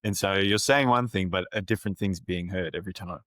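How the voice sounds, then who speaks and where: Man, podcast host, low voice, thoughtful, conversational, dry close mic. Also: fairly quick, a bit bright, no room sound. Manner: thoughtful, summarizing the guest's points. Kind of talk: conversational interview.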